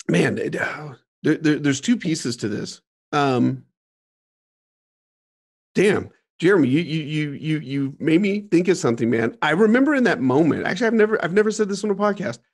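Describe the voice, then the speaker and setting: A middle-aged man telling a frank personal story as a podcast guest, repeating words and swearing casually. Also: fairly high pitch. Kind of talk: candid storytelling interview.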